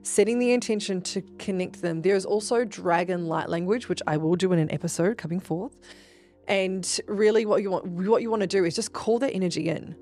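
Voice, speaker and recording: Profane, excitable spiritual podcast host woman. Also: fairly quick, soft background music. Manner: animated, profane, bursts into high excited shouts when reenacting. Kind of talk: casual storytelling monologue.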